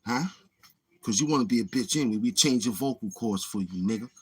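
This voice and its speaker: A man's voice: medium pitch, brisk, a little mellow, husky. A man, hosting a livestream and taunting a heckler in a boastful rant. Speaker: livestream host. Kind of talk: trash-talking livestream rant.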